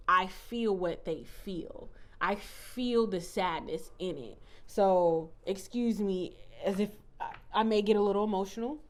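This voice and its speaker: Blunt, foul-mouthed woman tarot reader. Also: mid-range voice. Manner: blunt, defiant, swears freely. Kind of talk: casual tarot reading vlog. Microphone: phone mic.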